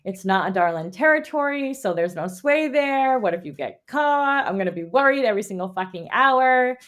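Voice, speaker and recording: A woman's voice: fairly high pitch, animated, normal speed, a bit bright. A woman voicing a worried young man who pleads with a friend not to leave, in an exasperated tone.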